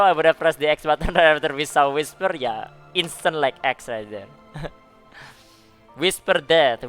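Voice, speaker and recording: A man's voice: a little high, fairly bright tone. A man giving laid-back, chatty commentary on a live stream, often laughing and tossing in "man" and "dude.". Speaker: streamer reacting to game forum posts. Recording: faint music behind the voice.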